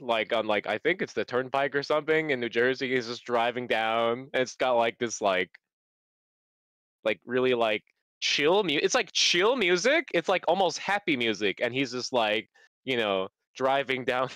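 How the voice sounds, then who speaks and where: New man, casual stream chat, bright lively voice, dry close mic. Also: medium pitch, moderate pace, smooth, no echo. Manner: giggly, rambling with many likes. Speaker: guest streamer.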